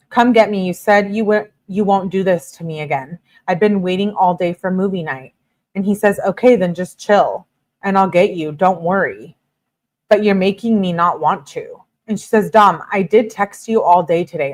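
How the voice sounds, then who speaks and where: A woman hosting a true-crime commentary, casually reading text messages aloud and adding her own chatty reactions. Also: mid-range voice.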